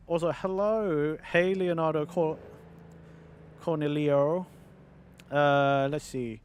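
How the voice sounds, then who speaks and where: A man's voice: on the high side, steady tone, measured pace, a little mellow, slight background noise. A man with a London accent chatting casually and swearing freely as he streams a game and answers chat. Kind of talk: casual chat while gaming.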